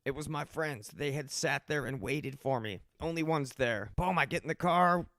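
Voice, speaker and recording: A young man from Colorado, host of his own podcast, telling his recovery story in a rambling, animated monologue and acting out the voices of people in it. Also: fairly high pitch, normal speed, no room sound, clean studio sound.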